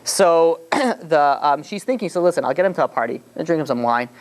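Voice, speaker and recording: A man's voice: fairly high pitch, lively intonation, brisk. A man, a rabbi, retelling a story in a casual, rambling way, full of "you know" fillers and restarts.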